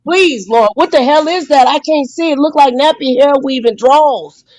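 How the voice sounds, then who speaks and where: Woman w/ hosting a live chat, loud and excitable, hollering at the dog. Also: high voice, normal speed, a crowd in the background, poor audio. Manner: excitable, shouting at her dog, exclaiming. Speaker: host.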